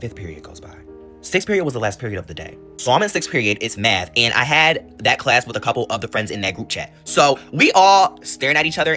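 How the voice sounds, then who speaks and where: A young man with a medium-pitched voice tells a story from school in a casual, animated, profane way, wandering off onto side notes.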